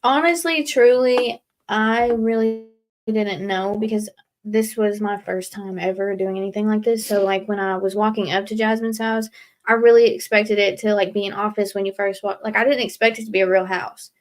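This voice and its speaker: A woman's voice: mid-range voice, fairly even intonation, normal speed. Earnest young woman, rambling with fillers. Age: young adult. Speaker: guest leaving a recovery house. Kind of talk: casual live interview.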